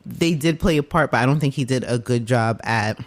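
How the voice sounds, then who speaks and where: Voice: medium pitch, a little fast, soft background music. A podcast host leading a casual film discussion, chatty and agreeable.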